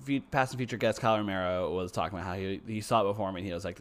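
A man co-hosting a podcast in casual chat, excitable, swearing and trailing off mid-sentence. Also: sits low, racing, hardly any pauses. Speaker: podcast co-host.

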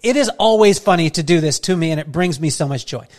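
A man's voice: a little high, animated, fast. A man hosting a podcast interview, chatting casually, telling funny stories and laughing often. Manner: jokey, storytelling, laughs often. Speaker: podcast host.

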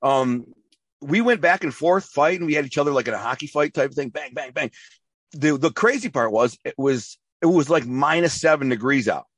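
A man's voice: a little high, animated, normal speed, a bit bright, husky, no echo. A man being interviewed, telling his life story in a rambling, emphatic way with slang and restarts. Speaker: interview guest.

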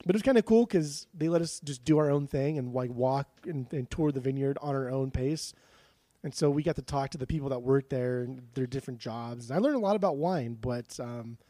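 A man's voice: medium pitch, mellow, no echo. A man co-hosting a podcast, talking casually in a playful, joking, rambling way. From Phoenix area. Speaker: podcast co-host. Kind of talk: casual chat.

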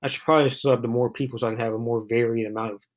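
Male poetry vlogger, mid-pitch, casual and rambling, with lots of fillers. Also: fairly even intonation, racing. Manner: rambling, many fillers and restarts. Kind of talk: casual commentary on poems.

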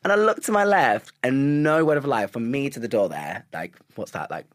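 A young man, a stage actor, chatting as a guest, telling quick animated stories full of slang. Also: medium pitch, no echo, studio quality. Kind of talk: casual chat.

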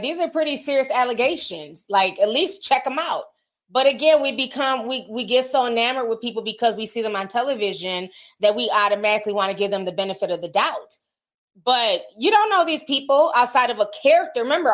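Woman livestream host, fairly high voice, candid, slangy, laughs a lot. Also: animated, a little fast, fairly bright tone. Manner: chatty and candid, laughs often, slangy asides. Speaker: livestream host reading super chats. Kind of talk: casual livestream chat.

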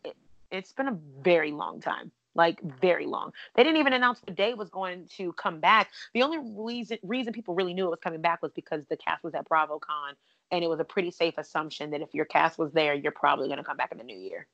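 A woman's voice: lowish voice, fast talker, a bit bright, no echo, highs cut off. A woman hosting a podcast, chatting casually and bubbly with lots of asides. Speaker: podcast host.

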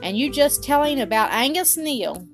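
A woman's voice: fairly high pitch, lively intonation, moderate pace, over music, lightly acted. An earnest young Scottish farm boy, as a woman narrator puts him on, speaking in country dialect in a storybook reading. He warns the others with grave concern. The voice stays close to the narrator's own. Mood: severe. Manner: warning, earnest, uses dialect words. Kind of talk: storybook character voice.

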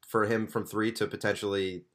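A young man co-hosting a podcast, giving his opinions in a relaxed way in casual sports talk. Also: on the low side, normal speed. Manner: conversational, opinionated. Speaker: podcast co-host.

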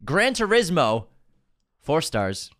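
Young male podcast co-host, lively pitch, wisecracking, casual delivery. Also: slow. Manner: animated, jokey, playful teasing. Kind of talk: casual film chat.

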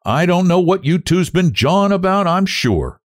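A man's voice: high-pitched, very animated, normal speed, voice pushed up. A man voicing a prim young woman who scolds sharply. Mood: scolding.

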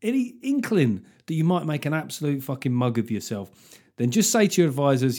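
A man's voice: on the high side, sing-song, a little fast, dark tone. A middle-aged man hosting a podcast. He rants in a casual comic monologue, swears a lot and plays up mock outrage. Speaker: podcast host.

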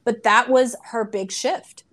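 A woman's voice: a little high, steady tone, slow pace, fairly bright tone. A woman in casual conversation who talks in a chatty way and often fills her speech with "like" and "you know".

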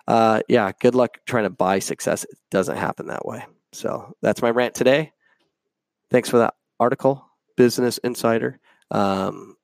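An opinionated man hosts his own show in a casual, emphatic rant peppered with fillers. His voice sits low with a gravelly fry. The sound is dry and close. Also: a little mellow, no echo. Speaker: podcast host.

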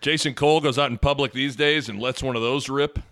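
A man's voice: medium pitch, steady tone, a little fast, a bit bright, no echo. A man co-hosting a casual studio podcast, laughing helplessly and joking. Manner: laughs helplessly, mock baseball play-by-play. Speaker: podcast co-host. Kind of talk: casual comedy podcast chat.

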